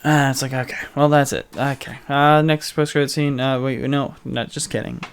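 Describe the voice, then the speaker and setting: A young man co-hosting a podcast, casually retelling a movie in a rambling, jokey way with quick mock voices. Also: mid-range voice, steady tone, smooth. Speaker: podcast co-host. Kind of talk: casual movie recap chat.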